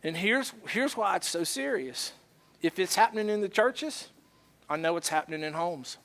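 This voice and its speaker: A male pastor preaching a sermon, animated and acting out both sides of everyday arguments. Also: high-pitched, normal speed. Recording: church service.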